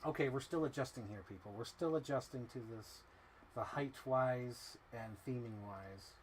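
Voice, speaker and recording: A man's voice: mid-range voice, normal speed. A man with a mid-range voice chats casually on a live stream, rambling and talking to himself as he works. A faint ambient hum sits behind his voice. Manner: rambling, self-talking while arranging things.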